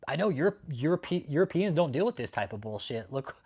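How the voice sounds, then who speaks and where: A man's voice: a little high, very animated, brisk, darkish tone, husky. A man hosting a casual livestream, talking bluntly and profanely and greeting viewers in the chat. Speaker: livestream host.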